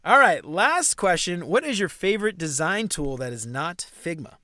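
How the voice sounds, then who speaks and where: A young man hosting a podcast, chatting casually and excitedly, full of slang. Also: high-pitched, normal speed, no echo, clean studio sound. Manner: excitable, slangy, says dude a lot. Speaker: podcast host. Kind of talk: casual interview chat.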